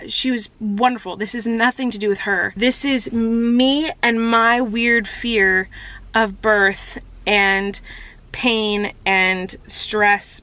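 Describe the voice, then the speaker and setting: A young pregnant woman speaks openly to her vlog camera, rambling and full of "like"s. Her voice is somewhat high and notably bright, close and dry with no room sound behind it. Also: dry recording. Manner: candid, rambling, says "like" a lot. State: expecting a baby. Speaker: vlogger. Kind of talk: confessional vlog.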